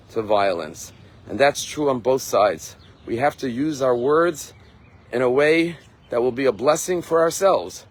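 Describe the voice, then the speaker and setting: A man, a rabbi, giving a sermon and telling a story, earnest, slowing down and lifting his voice to stress key words. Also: mid-range voice. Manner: earnest, slows and rises for emphasis.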